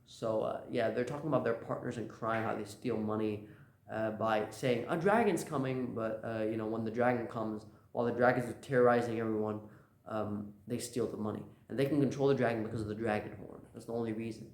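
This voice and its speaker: A man's voice: lowish voice, level tone, a little fast, a little mellow. A man casually recapping a manga chapter, rambling with lots of "uh" and "like" and slipping into quoted lines. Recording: roomy echo.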